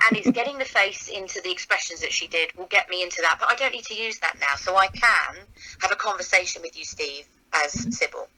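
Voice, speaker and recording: A woman, a voice actor and presenter, chatting as a guest in an interview and telling animated stories about her work. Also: on the low side, a little fast, rough recording. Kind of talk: casual interview chat.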